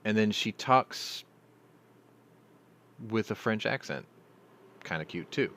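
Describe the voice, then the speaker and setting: A man's voice: lowish voice, lively intonation, slow, fairly bright tone. A middle-aged man hosting a casual live chat, rambling through stories and swearing freely. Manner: profane, rambling storyteller. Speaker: host.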